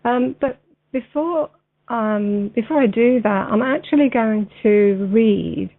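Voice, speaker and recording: Slow-talking woman host on a phone line. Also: on the high side. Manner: many ums and uhs, friendly, says "mate" and "wee". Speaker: stand-in radio host. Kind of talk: casual radio talk, then slow deliberate reading. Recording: tinny phone-line sound.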